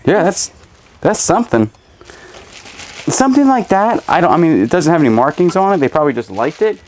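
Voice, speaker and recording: A man's voice: fairly high pitch, sing-song, fairly quick, a little mellow. Joking bearded reseller man. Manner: joking, goofy asides. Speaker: storage unit reseller host. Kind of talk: casual unboxing chat. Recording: faint background noise, birds.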